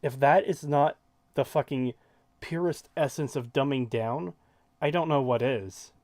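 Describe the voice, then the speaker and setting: A man's voice: medium pitch, unhurried, a little mellow, no echo. A man hosting a reaction stream, ranting in a heated, profane way. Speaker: stream host.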